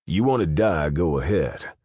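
A man voicing a hardened male convict who snaps and shouts short orders. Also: very deep voice, lively intonation, a little slow, husky, no room sound, clean studio sound, full character voice. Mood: urgent. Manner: curt, snapping, shouting orders. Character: hard, grim male convict fighting his way out.

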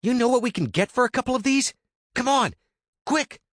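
A man's voice: very high voice, animated, brisk, dry recording, studio quality, pitched above the performer's own voice. A man doing Andy, a brash hotheaded young guy. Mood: pushy. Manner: pushy, jeering, shouting.

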